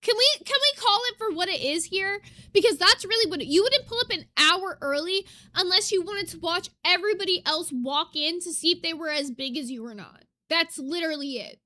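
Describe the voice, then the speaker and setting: A woman's voice: very high-pitched, animated, brisk, pushed and bright, no room sound. A woman giving blunt, profane reaction commentary on a video, ranting at what she hears. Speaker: reaction streamer.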